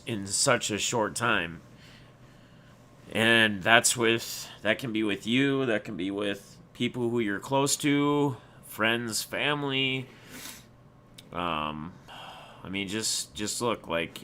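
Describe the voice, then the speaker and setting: Bright-voiced man telling a rambling story. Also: on the low side, a little hiss or hum. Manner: rambling and reflective, many restarts. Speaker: channel host. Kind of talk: casual personal storytelling to viewers.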